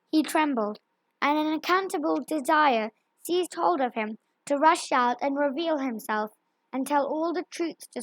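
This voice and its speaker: Female storybook narrator, high-pitched, dry close-miked read. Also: a bit bright, no echo. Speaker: audiobook reader.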